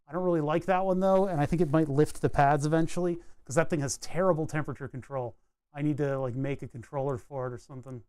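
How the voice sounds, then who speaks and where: A man's voice: fairly high pitch, a little mellow, clear, resonant tone, no room sound. A man live-streaming while he solders and repairs a circuit board, thinking aloud in a rambling, casual way with self-deprecating asides. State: hiccuping and burping. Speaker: streamer building electronics.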